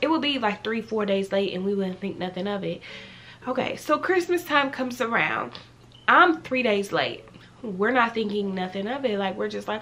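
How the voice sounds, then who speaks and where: A woman's voice: a little high, a little fast. A woman in her twenties telling a personal story in a casual, chatty way, full of "like" and repeats. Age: 20s. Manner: animated, chatty, heavy use of "like". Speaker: vlogger.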